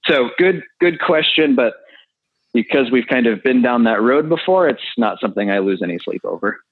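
A man's voice: mid-range voice, lively intonation, normal speed, husky, no echo. A man explaining real estate deals as an interview guest, talking through figures with fillers. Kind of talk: casual interview answers. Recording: tinny phone line.

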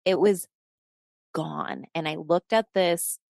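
Gravelly low-voiced woman telling a story. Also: takes it slowly, dry recording, clean studio sound. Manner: animated storyteller who acts out quoted dialogue; swears and laughs often. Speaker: podcast guest. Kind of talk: storytelling in casual conversation.

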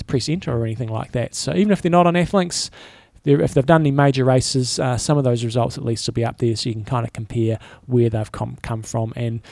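Gravelly man in relaxed podcast chat. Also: medium pitch, no echo. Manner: rambling, relaxed, frequent restarts. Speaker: podcast co-host. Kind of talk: casual chat.

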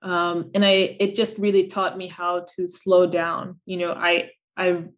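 A woman's voice: fairly low pitch, little pitch movement, measured pace. A woman guest on a podcast talking casually and reflectively, with many fillers and restarts. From United States. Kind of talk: casual interview chat.

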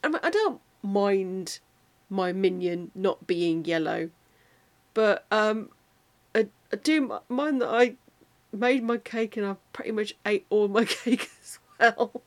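A woman chatting away as the host of her own podcast, poking fun at herself. She talks in an animated, loose way and often slips into quick impressions of film lines. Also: medium pitch. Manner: self-deprecating, animated, quotes films in put-on voices. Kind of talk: casual chatty monologue.

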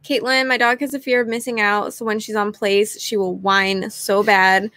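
A woman's voice: medium pitch, level tone, moderate pace, bright, forceful tone, no echo. A woman co-hosting a live show, reading out viewer questions and adding dry quips. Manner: reads questions aloud, laughs along, dry quips. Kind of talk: casual live Q&A.

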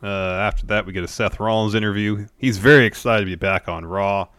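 A man co-hosting a podcast, recapping events in a measured casual chat with fillers. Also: lowish voice, fairly bright tone, no echo, clean studio sound. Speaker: podcast co-host.

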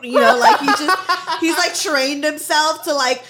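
Giggly woman host, lively voice. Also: sits high, measured pace, slight background noise. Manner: giggly, rambling, lots of fillers. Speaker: podcast host. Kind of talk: casual chat.

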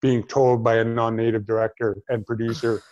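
A man's voice: mid-range voice, level tone, fairly quick, darkish tone, dry recording. Man, middle-aged, actor guest, earnest, blunt, dull lo-fi recording. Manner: earnest, blunt, speaks out against stereotypes. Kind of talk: casual chat.

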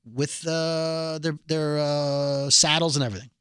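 A man's voice: on the high side, a little slow, clean tone, no echo, clean studio sound. A man co-hosting a podcast, chatting casually and rambling as he recaps a TV episode. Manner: rambling, animated, self-deprecating nerd talk. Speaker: podcast co-host.

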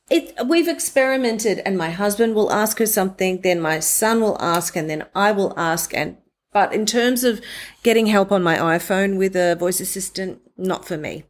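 A woman, a voiceover artist talking as a guest in an interview and telling stories in a lively way. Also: medium pitch. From Australia. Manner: animated storytelling, acts out quoted friends. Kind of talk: conversational interview.

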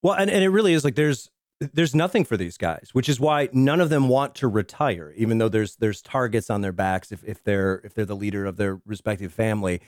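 A man co-hosting a film podcast, telling movie scenes in an animated way, swearing and laughing as he goes. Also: on the low side, fairly quick, no room sound, clean studio sound. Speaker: podcast co-host. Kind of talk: casual film discussion.

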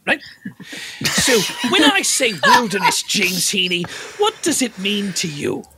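A man playing a gruff male survival show host in an improv sketch, putting on a lower clipped voice. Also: huge pitch swings, extremely slow, very noisy, full character voice. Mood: hearty. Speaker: improv comedian.

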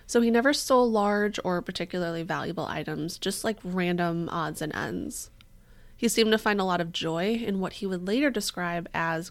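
A woman co-hosting a podcast, telling a true-crime story in casual chat, swearing freely and acting out the people she quotes. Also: medium pitch. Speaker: podcast co-host.

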